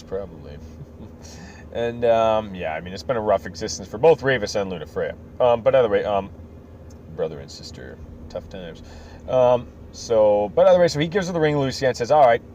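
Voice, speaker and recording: This podcast host has a low, darkish voice. He recaps a story casually, wandering into self-correcting asides, and the recording sounds slightly dull with faint noise.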